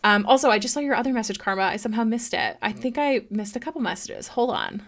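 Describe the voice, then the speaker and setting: A woman's voice: on the high side, wildly swooping pitch, quick pace. A woman streaming live, chatting casually with viewers and reading their messages aloud, with plenty of fillers.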